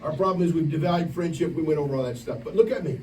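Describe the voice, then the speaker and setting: Preacher, male, higher register, animated storyteller, recorded from far off with a faint ambient hum. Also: fast. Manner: animated storytelling, acts out quoted voices. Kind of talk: camp sermon. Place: large room at a camp meeting. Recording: echoey room, distant mic, faint ambience.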